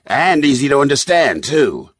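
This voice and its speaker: A lively, upbeat talk-show host, as a male audiobook narrator puts him on, his pitch bouncing up as he asks eager questions. The voice is slightly husky, and the recording is close and dry. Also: normal speed, no echo.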